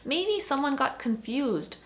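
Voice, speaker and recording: A woman's voice: high voice, sing-song, a little slow. A woman teaching grammar in an online lesson, explaining patiently and acting out little example dialogues. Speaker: Korean language teacher.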